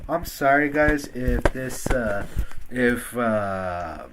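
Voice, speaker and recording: A man's voice: mid-range voice, lively intonation, drawn-out words, background noise. A young man hosting a casual podcast, rambling with lots of fillers and restarts on a home computer mic. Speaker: podcast host.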